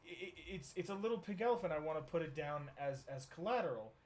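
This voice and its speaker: A man's voice: a little high, expressive, fast talker, close to an everyday voice. A man voicing a polite male frog who asks a bank teller for a loan, in a joke told on a game stream. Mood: earnest.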